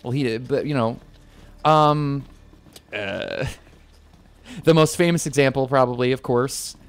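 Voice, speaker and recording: A man streaming a video game, chatting in animated, jokey and rambling commentary into a desk microphone. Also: mid-range voice, slow, clear, resonant tone. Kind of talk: let's play commentary. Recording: game music behind.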